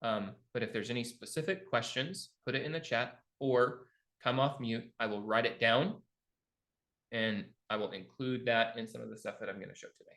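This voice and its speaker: A man's voice: mid-range voice, moderate pace, fairly bright tone. A middle-aged man coaching a live online class on real estate investing, telling stories and acting out both sides of his phone calls. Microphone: video call.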